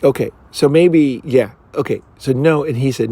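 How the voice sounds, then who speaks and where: A man in the middle of the male pitch range, speaking as a dating coach in loose, casual commentary. He wanders from point to point, swears without hesitation, and keeps checking in with "right?". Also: normal speed, dark tone, slightly rough, dry recording. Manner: rambling, keeps asking "right?"; blunt, swears freely.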